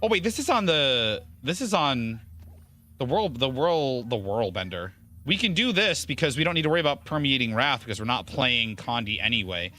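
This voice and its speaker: A man's voice: mid-range voice, very animated, normal speed, bright, forceful tone. A man streaming a video game, chatting casually and rambling with viewers in a self-deprecating way. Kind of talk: casual gaming stream chat.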